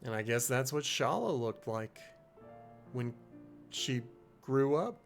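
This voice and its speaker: A man's voice: mid-range voice, lively intonation, takes it slowly, soft background music. A man streaming a video game, chatting casually and thinking aloud. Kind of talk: casual live-stream commentary.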